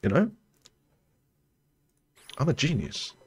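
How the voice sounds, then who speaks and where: With big pitch swings and a breathy edge, a young male streamer talks slowly through a colony-building game. His let's-play commentary is casual and rambling, full of self-corrections, and tends to trail off low.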